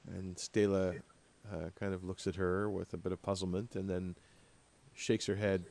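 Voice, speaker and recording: Male game master, low voice, halting delivery with lots of "uh"s, narrating a tabletop session. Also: flat delivery, creaky, a little mellow. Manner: halting, many fillers and repeats.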